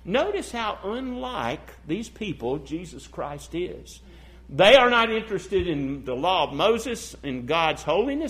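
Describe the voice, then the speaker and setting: Fervent preacher man, slightly high voice. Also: big pitch swings, a little slow. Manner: dramatic swings from loud emphatic preaching to hushed, intimate delivery; asks the congregation rhetorical questions. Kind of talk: sermon.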